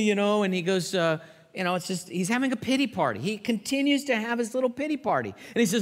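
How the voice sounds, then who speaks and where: A male pastor preaching a sermon with animated storytelling, acting out the quotes. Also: high voice, a little fast. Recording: long hall reverb.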